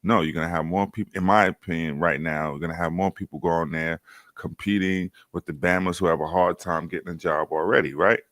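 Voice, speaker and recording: A man from Brooklyn with a New York accent, telling animated stories and swearing freely in a casual podcast chat. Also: deep voice, a little fast, dry recording, studio quality.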